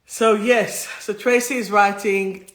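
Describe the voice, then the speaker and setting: A woman's voice: medium pitch, steady tone, takes it slowly. Rambling emotional woman in an echoey room. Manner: warm, rambling, emotional, easily moved. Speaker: spiritual healer and host. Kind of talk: live-streamed casual talk. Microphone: two phones streaming at once. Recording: roomy echo.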